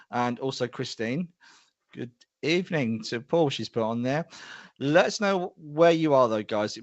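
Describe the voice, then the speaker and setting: A man's voice: medium pitch, no room sound, dull audio. A middle-aged man hosting a live show, chatty and self-deprecating as he greets viewers by name. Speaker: host.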